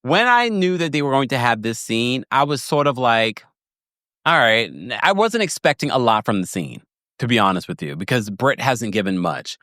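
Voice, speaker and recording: A chatty man recaps reality TV for his podcast audience, cutting himself off mid-thought and laughing as he retells the drama. His pitch jumps around in a lively, animated way. The sound is dry and close, with no room echo. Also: normal speed. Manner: gossipy, laughs often, acts out quotes; chatty, self-interrupting storyteller. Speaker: podcast host. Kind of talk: casual TV recap commentary.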